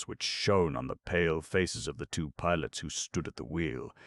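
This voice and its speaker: Very deep-voiced male narrator. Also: vocal fry, dry recording. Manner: measured, dramatic storytelling. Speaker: audiobook narrator. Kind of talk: scripted narration of a melodrama novel.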